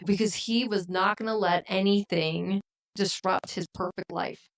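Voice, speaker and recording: A woman co-hosting a podcast, talking in casual discussion and making her points in a measured, deliberate way. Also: mid-range voice, steady tone, poor audio. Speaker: podcast co-host.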